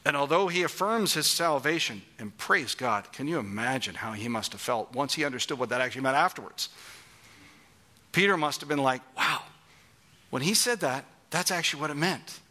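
A man's voice: medium pitch, animated, moderate pace, sharp tone. A middle-aged man preaching a sermon, emphatic and asking the congregation questions.

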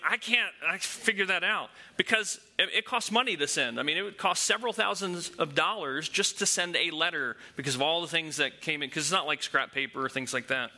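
Male pastor, higher register, very bright tone, conversational teaching sermon with rhetorical questions.

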